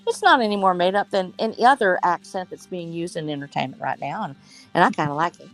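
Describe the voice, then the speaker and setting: Woman from Texas, fairly low voice, casual chatty panel talk, enthusiastic, faint music behind. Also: fast talker, fairly bright tone. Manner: chatty, enthusiastic, thinking aloud. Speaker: panelist in a writers' discussion. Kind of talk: casual chat.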